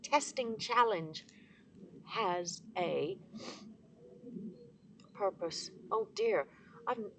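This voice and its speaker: A woman's voice: medium pitch, extremely slow, pauses often, fairly bright tone, a little hiss or hum. Woman vlogger, outdoors among trees at dawn, emotional and gushing, tearful, laughs a lot. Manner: emotional, effusive, laughing often, bursts into singing. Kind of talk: casual spoken reflection.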